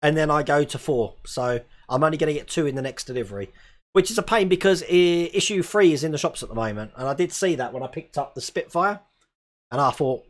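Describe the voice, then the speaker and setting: A man's voice: on the high side, lively intonation, a little fast, a bit bright. A man in his forties from England, hosting a live stream and chatting casually while reading viewer comments, laughing often. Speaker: host.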